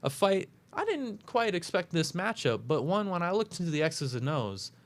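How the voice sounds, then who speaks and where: A man's voice: sits high, very animated, normal speed. A man hosting a casual talk show, breaking down upcoming fights with lots of fillers and self-corrections. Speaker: podcast host making fight picks.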